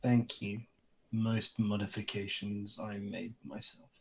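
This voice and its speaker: A man's voice: lowish voice, vocal fry. A man playing a blunt mechanical construct. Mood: matter-of-fact. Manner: flat, literal, unhurried.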